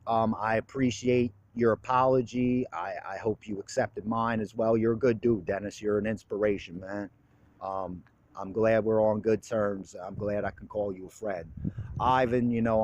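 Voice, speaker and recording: A man's voice: lowish voice, darkish tone, slight background noise. Earnest young man speaking his heart. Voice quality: earnest, blunt, street-casual talk with swearing. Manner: plain-spoken, open about his feelings. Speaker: recovery speaker. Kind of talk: heartfelt personal monologue.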